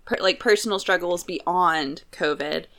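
A woman's voice: lowish voice, unhurried, fairly bright tone. A woman co-hosting a podcast, chatting casually and swearing freely, her voice stuffed up from allergies. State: congested from allergies. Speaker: podcast co-host. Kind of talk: casual chat.

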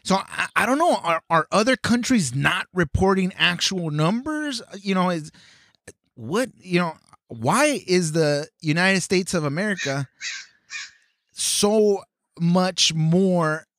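A man's voice: high-pitched, lively intonation, slow pace, fairly bright tone, dry recording. A man co-hosting a podcast, chatting casually with many hesitations and restarts. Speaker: podcast co-host. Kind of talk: casual chat.

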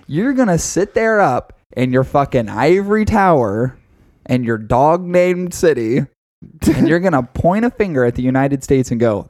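A man co-hosting a podcast, telling a story in casual, profane, animated chat. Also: a little high, moderate pace, dry recording, studio quality. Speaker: podcast co-host.

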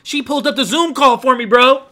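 A man's voice: extremely high pitch, a little fast, bright, forceful tone. A young man hosting a casual podcast, telling stories with slang and profanity and big swings in his voice. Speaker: podcast host.

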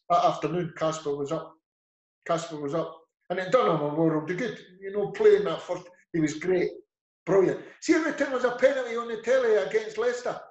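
A middle-aged Scottish man with an Edinburgh accent, speaking in a slightly raised voice. He rambles through casual stories and slips into the voices of the people he quotes. The recording has an echoey room sound. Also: high voice. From Scotland. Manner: rambling storyteller acting out quoted dialogue. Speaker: football manager, guest. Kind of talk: casual interview anecdotes.

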